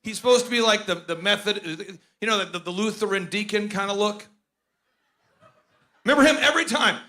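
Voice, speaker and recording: A man hosting a conference, joking and rambling in animated comedic stage banter. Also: high voice, moderate pace. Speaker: conference host.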